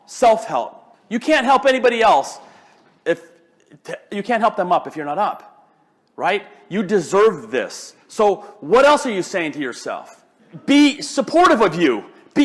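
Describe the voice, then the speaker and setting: An older man giving a live motivational talk, animated and joking, often restarting his sentences. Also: sits high. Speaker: motivational speaker.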